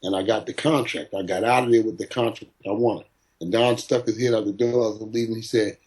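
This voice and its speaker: A man's voice: lowish voice, steady tone, brisk, a little mellow, low-quality recording. A middle-aged man, a boxing trainer, telling stories in an interview and acting out the people he quotes. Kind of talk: storytelling in an interview.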